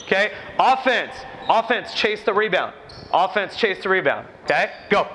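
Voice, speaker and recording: A man running a basketball coaching clinic in a gym, giving brisk, commanding drill instructions to players and explaining the ideas to coaches. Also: high voice, expressive, background noise. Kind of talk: on-court coaching demonstration. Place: indoor gym.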